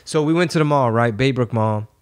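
A man's voice: medium pitch, a little fast. Male podcast host, casual and profane, rambling storyteller, mid-range voice.

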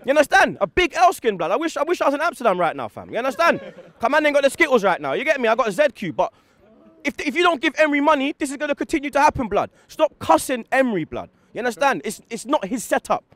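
A man's voice: very high voice, big pitch swings, a bit bright, no room sound. A young man, heatedly ranting as a football fan after a match, emphatic and full of street slang. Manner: fast, emphatic, slang-heavy, repeats "blood" and "yeah". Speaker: football fan giving post-match reaction.

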